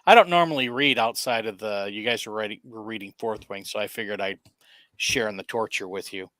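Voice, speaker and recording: A man chatting casually over voice chat, halting and trailing off mid-sentence. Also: on the low side, bright, forceful tone, no room sound. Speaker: book writer in the chat.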